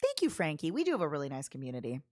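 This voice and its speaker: A woman's voice: sits low, huge pitch swings, very fast, a little mellow. A woman streamer chatting casually with her viewers, reading their messages aloud and laughing often. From Canada. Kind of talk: casual livestream chat.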